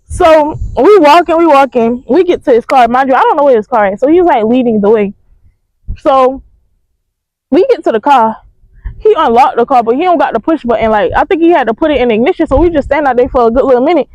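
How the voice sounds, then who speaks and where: A young woman, telling a storytime to her viewers in an animated, slangy way. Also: high-pitched, brisk, dry recording. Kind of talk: casual storytime vlog. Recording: dry, slightly dull mic sound.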